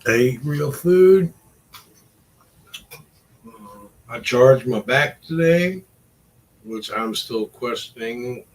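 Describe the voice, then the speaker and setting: A man's voice: mid-range voice, expressive, extremely slow, pauses often, low-quality recording. A middle-aged man rambling in a casual vlog, wry and self-deprecating, trailing off between thoughts. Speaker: vlogger.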